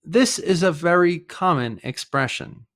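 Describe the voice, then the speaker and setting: An American man teaching English idioms in a clear, deliberate way, with short acted example dialogues. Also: on the high side, a bit bright. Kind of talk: vocabulary lesson with acted dialogues.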